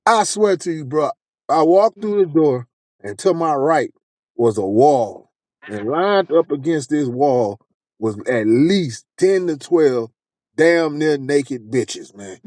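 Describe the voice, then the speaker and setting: Animated, foul-mouthed man telling a story. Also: on the high side, slow pace, dry recording. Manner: animated, profane, lots of quoted dialogue. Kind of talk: casual storytelling.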